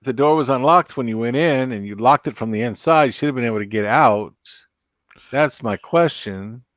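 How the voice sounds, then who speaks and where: A man's voice: medium pitch, moderate pace, no echo, highs cut off. Rambling man telling corny jokes. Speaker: live stream host. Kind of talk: casual live stream chat. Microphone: computer mic.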